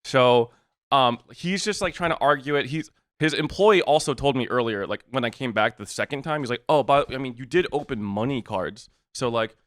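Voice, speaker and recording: A man co-hosting a podcast retells a frustrating story in casual chat, switching between voices for each side of the exchange. He swears freely and sounds exasperated. His voice sits at an ordinary pitch and the recording is close and dry, with no room echo. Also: moderate pace. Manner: animated retelling, acts out both sides of the exchange. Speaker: podcast co-host.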